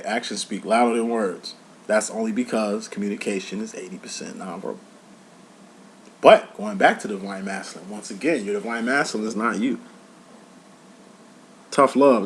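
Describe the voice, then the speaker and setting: A man's voice: on the low side, normal speed, pauses often, slight background noise. A man giving a casual tarot reading to his viewers, talking in a blunt, profane, preachy tough-love way. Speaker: tarot reader and life coach.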